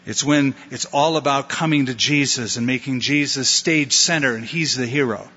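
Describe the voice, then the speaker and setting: Pastor, male, bright and forceful voice, lively sermon delivery, dull lo-fi sound. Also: medium pitch, normal speed, slightly rough, long reverb tail. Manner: conversational, acts out disciples' lines with playful put-on voices. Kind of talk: expository sermon.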